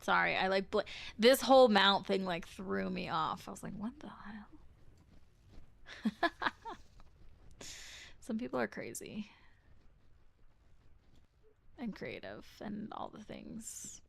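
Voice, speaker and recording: A woman's voice: medium pitch, sing-song, measured pace, vocal fry, long pauses. A woman live streamer chatting casually with her viewers in a bubbly, chatty way, full of fillers, sometimes dropping to near whispers.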